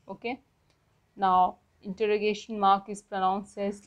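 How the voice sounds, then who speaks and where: A woman giving a pronunciation lesson, naming each item and repeating it slowly and carefully. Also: medium pitch. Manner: steady, methodical listing. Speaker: language teacher.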